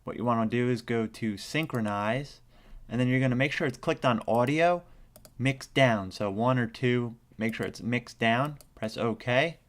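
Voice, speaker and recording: Man, tutorial host, casual walkthrough, middle pitch, loose repeated check-ins. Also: a little slow. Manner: casual, repeats "right?" and "what you wanna do". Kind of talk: casual screen-recorded tutorial.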